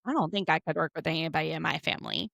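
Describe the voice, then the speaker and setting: Forties woman co-host for a casual recap chat; lively storyteller, dry booth-like recording. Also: sits low, rapid-fire, creaky, no room sound. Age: 40s. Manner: chatty, animated storytelling. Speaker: podcast co-host.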